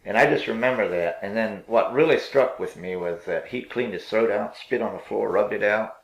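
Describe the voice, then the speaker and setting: An older man telling his life story in a rambling, halting way, with many fillers and restarts. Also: on the low side, gravelly, echoey room, poor audio. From Pennsylvania.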